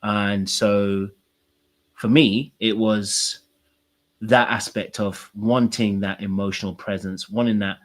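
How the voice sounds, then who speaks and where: A man's voice: lowish voice, steady tone, takes it slowly. A man hosting a podcast and working as a coach, sharing his own feelings openly and earnestly with lots of fillers. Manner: earnest, open, emotional sharing with many fillers. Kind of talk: podcast interview.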